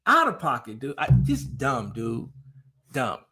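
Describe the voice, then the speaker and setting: A man's voice: medium pitch, very animated, measured pace, pushed and bright, husky. A man ranting in a casual podcast chat, exasperated, filling his lines with "dude" and "man".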